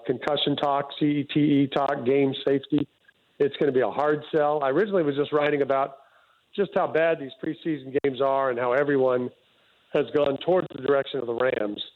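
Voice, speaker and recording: A wry male sportswriter chats as a phone-in guest, his voice a touch higher than usual. The line is thin and tinny like an old telephone. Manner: chatty, wry. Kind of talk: casual phone interview.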